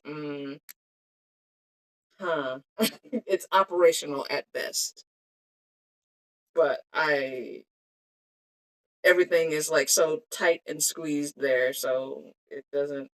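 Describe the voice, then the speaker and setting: A woman chatting casually to her live-stream viewers while making bead earrings on her phone, giggling and trailing off as she talks to herself. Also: deep voice. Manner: giggly, self-talking, trails off mid-sentence. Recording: cellphone live-stream audio.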